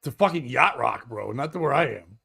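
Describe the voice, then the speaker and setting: Bright-voiced man riffing casually. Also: medium pitch, animated, a little fast, vocal fry, husky. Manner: rambling, profane, jokey. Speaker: podcast host and radio DJ. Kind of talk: casual comedic chat.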